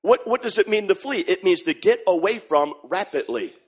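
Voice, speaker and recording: A man preaching a sermon, shouting in sing-song bursts and then dropping to a hush. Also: high voice, animated, moderate pace, breathy edge.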